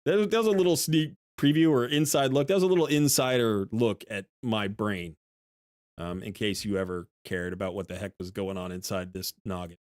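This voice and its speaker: A man in his thirties streaming a game, telling a story excitedly, laughing often and mimicking hype chants. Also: fairly low pitch, a little fast, dry recording, studio quality. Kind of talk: casual live-stream chat.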